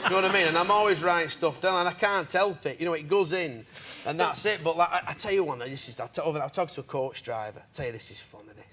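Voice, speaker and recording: A man telling animated anecdotes on a chat show, mimicking voices and laughing often. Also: a little high, fast talker. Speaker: comedian guest. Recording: studio audience laughter, noisy.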